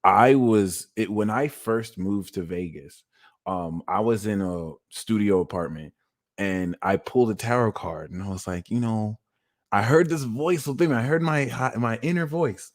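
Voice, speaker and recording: A young man doing a live tarot reading, telling stories in a casual, slangy way and now and then bursting into loud acted-out lines. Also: lowish voice, moderate pace. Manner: animated, slangy, swings into loud acted-out exclamations. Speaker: tarot reader.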